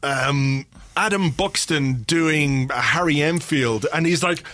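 A man's voice: on the high side, slow, few pauses, a bit bright, no echo. Playful man on a dry mic. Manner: playful, jokey, rambling. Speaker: podcast co-host. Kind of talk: casual chat.

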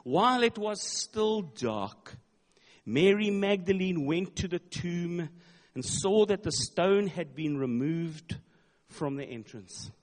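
A man's voice: sits high, expressive, slow. A male pastor preaching a sermon, retelling a story dramatically with emphatic, repeated words. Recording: long hall reverb.

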